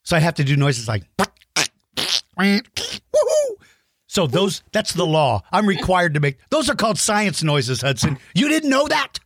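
Low-pitched woman, lively, teasing. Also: moderate pace, hardly any pauses, slightly rough, dry recording, studio quality. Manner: teasing, jokey, bursts into silly high sound effects. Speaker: host. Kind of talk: playful chat with a child guest. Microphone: video call.

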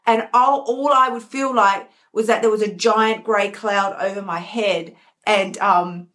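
A woman's voice: mid-range voice, steady tone, a little slow, a bit bright. A woman hosting her own show, talking candidly and emotionally, repeating words for emphasis. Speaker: podcast host. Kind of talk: candid personal talk. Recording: live stream.

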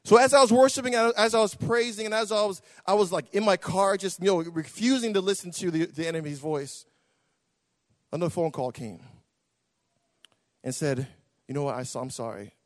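A man with a high voice preaches his testimony with fervent, repetitive intensity. He sinks to near-whispers, then climbs to shouts. His words ring out with the long echo of a large hall. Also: fairly even intonation, moderate pace. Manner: impassioned, repetitive, swings from hushed to shouting. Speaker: pastor. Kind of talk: sermon testimony.

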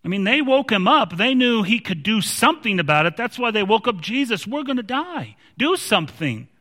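A man with a high-pitched voice delivers an emphatic sermon, often doubling back on his words. His voice rings out with the long reverb of a large hall. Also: animated, brisk, pushed and bright. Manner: emphatic, repeats words when restarting. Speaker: preacher.

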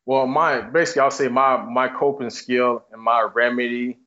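A young football player, appearing as an interview guest, tells stories quickly and loosely, full of fillers like "you know what I'm saying." His medium-pitched voice is a bit bright and fairly even in intonation, and the podcast audio sounds dull and lo-fi.

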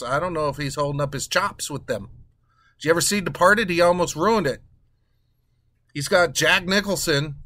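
Bright-voiced man ranting sarcastically. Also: on the high side, no room sound. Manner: animated, crude, sarcastic movie ranting. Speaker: podcast host. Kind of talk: casual ranting monologue.

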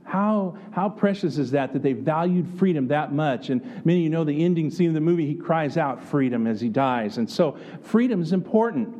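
Male preacher from the United States; earnest, conversational sermon, warm low-edged tone, slightly high pitch. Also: animated, a little fast, few pauses, muffled recording. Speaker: pastor.

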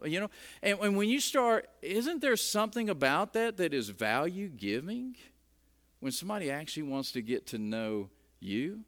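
A man's voice: fairly high pitch, sing-song, moderate pace, a bit bright. A middle-aged man preaching a sermon in a conversational way, often repeating words as he starts a phrase. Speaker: pastor.

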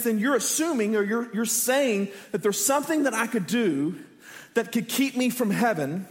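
A man in his thirties from Texas, a pastor preaching with animated, self-deprecating stories. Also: extremely high pitch, moderate pace. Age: 30s. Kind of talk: sermon with humorous personal story. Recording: echoey church hall.

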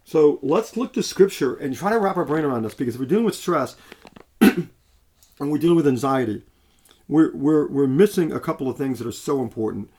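A man's voice: a little high, lively intonation, fairly quick, darkish tone. A man preaching a sermon in a conversational way, with frequent restarts and fillers.

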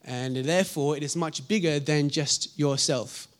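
A young man delivers a sermon in a voice pitched a little high. He tells the story vividly, slipping into the voices of its characters. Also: a little slow. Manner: animated storytelling, acting out voices in asides. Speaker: preacher.

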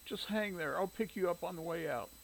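A man's voice: sits high, brisk, vocal fry, pitched above the performer's own voice, poor audio. A man voicing a sick, worried mother who fights back coughing fits in a storybook reading.

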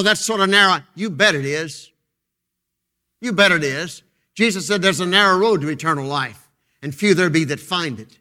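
A fervent male pastor delivers a sermon from a church pulpit, his voice pitched high and ringing bright. He shifts between loud, emphatic proclamations and hushed, intense passages, and he drives his points home through repetition.

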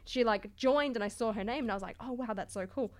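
A woman's voice: on the high side, quick pace. A young Australian woman chatting as a podcast guest, filling her speech with "like" and acting out what people said to her. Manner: chatty, fills every phrase with "like", acts out quoted voices. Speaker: guest, LEGO content creator. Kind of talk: casual podcast chat.

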